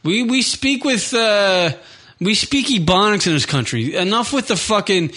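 A man's voice: high voice, expressive, unhurried. Ranting profane man on a talk show. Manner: ranting, swears often, laughs loudly. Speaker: podcast co-host. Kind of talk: casual profane banter.

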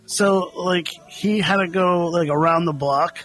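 A man's voice: high voice, measured pace, a bit bright, soft background music, poor audio. A man co-hosting a show, telling a story in a rambling way full of fillers like "like". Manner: filler-heavy, rambling, lots of "like". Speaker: podcast co-host. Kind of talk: casual storytelling chat.

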